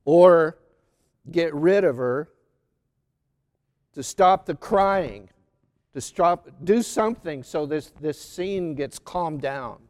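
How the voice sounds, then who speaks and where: High-voiced preacher in a big reverberant church. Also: male voice, animated, a little mellow. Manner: slow, deliberate delivery with emphatic lists. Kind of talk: sermon on a Gospel reading.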